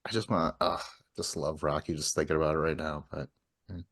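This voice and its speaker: A man's voice: rumbling low, flat delivery, fairly quick, a bit bright. A man hosting a casual movie podcast, rambling and laughing often as he trails off. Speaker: podcast host. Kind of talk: casual chat about movies.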